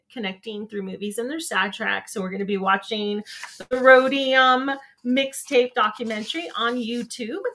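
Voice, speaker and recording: A woman's voice: medium pitch, bright, forceful tone. A woman hosting a casual live show, chatting in a rambling way with lots of ums and laughing at her own jokes. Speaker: show host.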